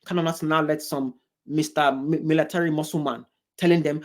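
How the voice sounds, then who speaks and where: A man's voice: a little high, steady tone, normal speed. A man hosting a reaction video, commenting in a mocking way and mimicking the people he watches.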